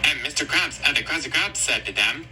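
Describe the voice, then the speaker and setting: A man's voice: a little high, expressive, fairly quick, rough recording. A man casually retelling a cartoon episode in a rambling, repetitive way. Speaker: storyteller.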